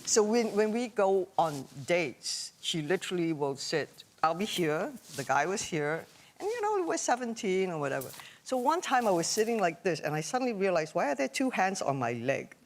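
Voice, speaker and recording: A woman's voice: fairly low pitch, sing-song, moderate pace, a little hiss or hum. A woman from Malaysia on a talk show, telling an anecdote expressively.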